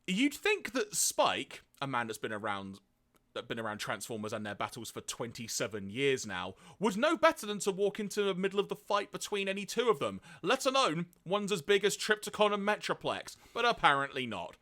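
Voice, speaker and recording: A man co-hosts a casual podcast and reads his notes in a lively voice that climbs and falls a lot. His tone is bright and a little raised. He often breaks off to laugh. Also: sits high, a little fast. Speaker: podcast co-host.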